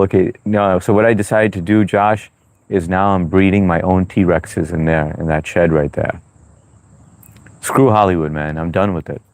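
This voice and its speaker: A man's voice: low-pitched, darkish tone, no echo. A man hosting a livestream in a loose, chatty way, reading viewer comments aloud with lots of "uh" and "you know". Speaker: livestream host.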